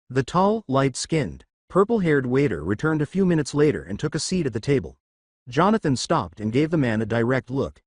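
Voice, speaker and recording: A man narrating a fanfiction story with an even, steady reading. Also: medium pitch, moderate pace, no room sound, studio quality.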